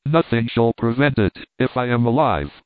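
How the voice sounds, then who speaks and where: A gentle, devout young man who speaks quietly and solemnly, as a male reader puts him on. The sound is narrow and tinny, like a phone call, with a dry room. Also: mid-range voice, expressive, moderate pace, no echo, close to an everyday voice.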